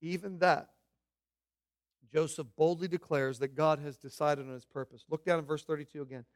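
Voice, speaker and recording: A man preaching a sermon, pressing his points with slow, loud declarations and then dropping to quiet, low asides. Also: steady tone. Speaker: pastor.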